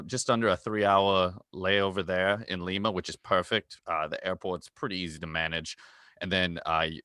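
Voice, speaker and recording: A man's voice: low voice, bright, forceful tone, no echo, studio quality. A man putting on a cheery globetrotting male travel guide, calling everyone mate. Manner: chummy, calls everyone mate.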